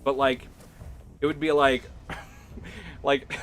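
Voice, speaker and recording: Bright-voiced young man, laughing streamer. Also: mid-range voice, level tone, extremely slow, faint music behind. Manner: rambling, laughs often, full of "like" fillers. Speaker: gaming streamer. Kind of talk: casual livestream chat while gaming.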